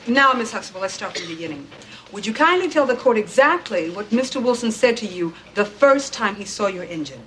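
A brisk, wry sitcom mother, played by a woman, coaching her daughter like a lawyer preparing a witness. Her voice sits at an ordinary pitch and her delivery is instructive. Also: expressive, a bit bright, a little hiss or hum, lightly acted, rough recording. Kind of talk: sitcom acting.

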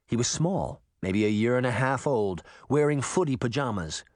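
Male audiobook narrator, lively pitch, dry close sound, mid voice. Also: normal speed, no echo. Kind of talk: scripted narration.

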